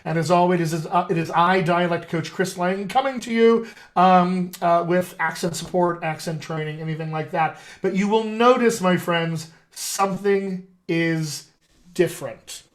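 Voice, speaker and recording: A dialect coach, male, speaks at normal speed with a high voice and fairly even intonation. On his live video stream he chats casually and playfully, addressing viewers directly over a video call setup.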